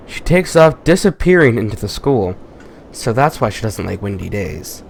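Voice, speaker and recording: A man reading a visual novel aloud with commentary, haltingly, stumbling and restarting on words. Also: on the low side, big pitch swings, vocal fry. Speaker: gaming YouTuber.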